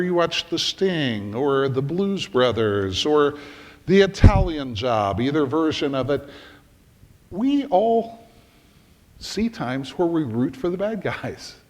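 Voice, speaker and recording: Animated middle-aged male pastor in a reverberant hall. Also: on the high side. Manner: animated storyteller, acting out scenes. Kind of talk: storytelling sermon. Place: church sanctuary.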